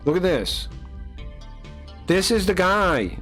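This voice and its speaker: Male streamer, mid-pitched, venting at a desk mic, faint music underneath. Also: lively intonation, normal speed. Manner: exasperated, incredulous, talks to chat with many fillers. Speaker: live streamer. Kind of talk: casual live-stream rant.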